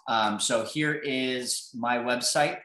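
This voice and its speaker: A man's voice: mid-range voice, slow, pushed and bright, slight background noise. A man coaching on real estate, giving casual, conversational advice on a live podcast chat over a video call. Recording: echoey room.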